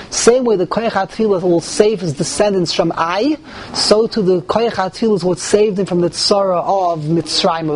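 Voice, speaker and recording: A man teaching a Torah class to a group, animated, with rising emphasis and many Hebrew terms. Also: sits high, slight background noise. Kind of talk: lively Torah class with questions.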